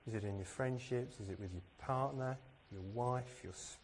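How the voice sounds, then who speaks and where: A man's voice: mid-range voice, moderate pace, slight background noise. A man from England giving a sermon, earnest and self-deprecating, with plenty of rhetorical questions. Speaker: preacher.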